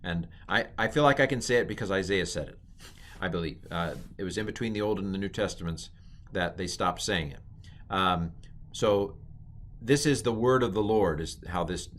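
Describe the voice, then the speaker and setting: Relaxed man teaching with many ums. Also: deep voice. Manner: relaxed, rambling, self-correcting, many ums. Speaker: Hebrew teacher. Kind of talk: informal recorded lecture.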